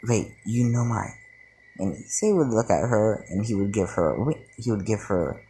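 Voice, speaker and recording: A man's voice: lowish voice, big pitch swings, normal speed, dark tone, slight background noise. A young man casually telling a fan story, rambling with fillers and slang.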